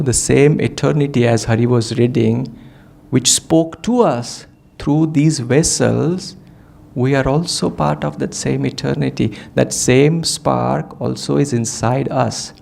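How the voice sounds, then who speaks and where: A man leads a satsang, speaking in a gravelly, creaky voice. He is reflective and keeps asking his listeners rhetorical questions as he teaches. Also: medium pitch, fairly even intonation, measured pace, a little mellow, a little hiss or hum. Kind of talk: devotional talk. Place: meditation hall.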